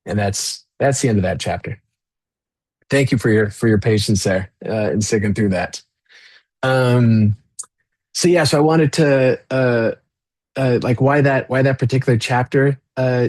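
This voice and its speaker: A man, an author, reading his own novel aloud in a measured way, then talking freely with many fillers and restarts. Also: medium pitch, darkish tone, dry recording.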